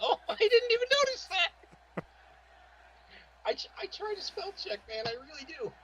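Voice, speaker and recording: A man co-hosting a casual wrestling video game stream, bantering excitedly and laughing. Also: very high-pitched, measured pace, highs cut off, slight background noise. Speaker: co-host.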